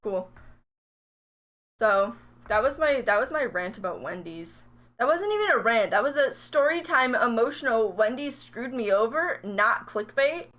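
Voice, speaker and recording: A young woman talks casually on her live stream while she works on crafts. She rambles and pokes fun at herself. Her voice is bright and a bit high. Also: lively intonation, measured pace. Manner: rambling, chatty, self-mocking.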